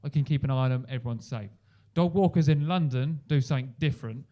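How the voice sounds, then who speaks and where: A young man doing a stand-up comedy set on a club stage into a handheld mic, animated and jumping into loud high-pitched voices for the people in his stories. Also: quick pace.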